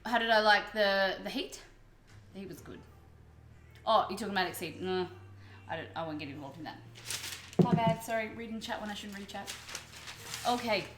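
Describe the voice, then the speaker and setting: A woman's voice: mid-range voice, normal speed, long pauses, noisy background. An Australian woman from Melbourne hosting a live cooking stream, chatting casually with viewers as she cooks. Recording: roomy echo with music behind.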